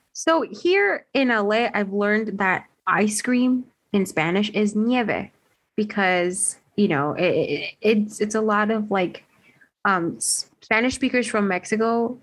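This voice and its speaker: A young woman from Los Angeles in casual podcast chat, swearing freely as she tells stories and jumps into high, squeaky voices to act out the people in them. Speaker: podcast co-host.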